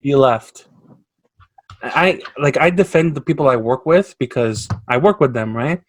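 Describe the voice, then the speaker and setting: A Canadian podcast co-host tells work stories in casual chat, speaking unhurriedly in a mid-range voice. He's an animated storyteller who raises his voice whenever he quotes someone.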